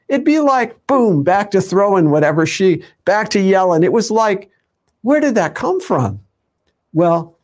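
A man's voice: high voice, a little mellow. A man teaching a conversational sermon, full of fillers and asides, acting out everyday voices as he goes. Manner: conversational, many fillers, acts out quoted voices. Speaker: teacher of a ministry show.

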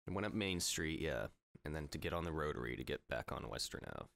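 A man's voice: rumbling low, lively intonation, fast talker, creaky, a bit bright. A young man co-hosting a podcast, talking hesitantly with lots of fillers and sarcastic quips. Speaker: podcast co-host. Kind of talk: casual chat.

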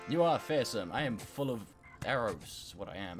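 A man commentating on a game he is playing, excitable and swearing, a bit sick and clearing his throat. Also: mid-range voice, unhurried, music in the background. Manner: excitable, swearing, yelping at failures. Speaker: gameplay commentator. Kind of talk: let's play commentary.

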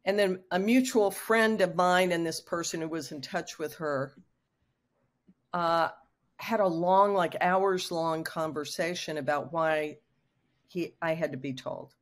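A woman's voice: lowish voice, steady tone, unhurried. A woman in her sixties telling a personal story frankly and with emotion as a guest on a video call. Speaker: guest author.

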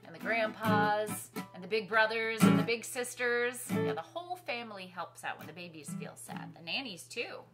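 A woman hosting a children's music class from her living room, singing nursery songs and talking gently to young kids. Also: mid-range voice, lively intonation, moderate pace, few pauses. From New York City. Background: guitar accompaniment.

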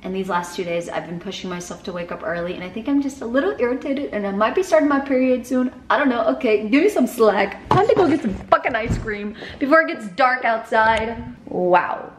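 A woman's voice: a little high, animated, a little fast, few pauses, a little hiss or hum. A young woman in a casual vlog, talking to herself as she gets ready, rambling and cursing freely. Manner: chatty, rambling, swears freely. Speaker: vlogger. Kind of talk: casual vlog self-talk. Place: at home, indoors. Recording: roomy indoor sound.

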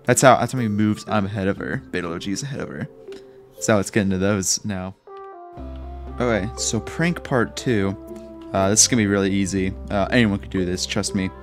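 A man with a fairly low voice narrates his gameplay in a rambling, self-mocking way, cracking jokes as he goes. Faint guitar music plays underneath him. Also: brisk. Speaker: Minecraft YouTuber. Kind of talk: gameplay commentary.

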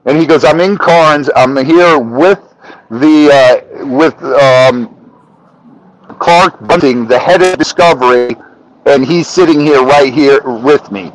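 A man on a podcast telling a story in casual, animated talk, swearing often and acting out the dialogue. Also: mid-range voice, slow, no echo, poor audio. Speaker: podcast guest.

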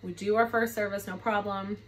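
A woman's voice: medium pitch, steady tone, a little fast. A woman who works as a flight attendant, candidly telling a gossipy, profane story in a storytime vlog.

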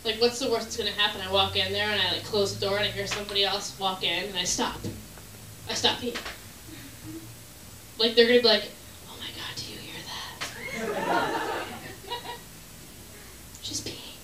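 A woman performing a stand-up comedy set, animated, working the crowd and acting out bits. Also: mid-range voice, fairly quick, pauses often. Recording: echoey room from far off, noisy.

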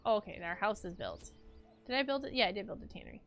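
A woman's voice: medium pitch, sing-song, fast talker, a bit bright. A young woman streaming a game, chatting playfully with her viewers and herself as she plays. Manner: chatty, playful, talks to herself and chat while playing. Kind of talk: casual game-stream chat. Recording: faint music behind.

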